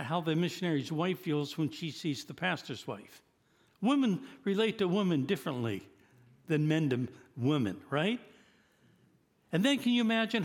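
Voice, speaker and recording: An eighty-year-old man delivers a sermon with an earnest, pleading tone that swells into emphatic calls to his listeners. His voice sits a little higher than most men's. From United States. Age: 80s. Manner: earnest, rising to emphatic exhortation. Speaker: guest preacher.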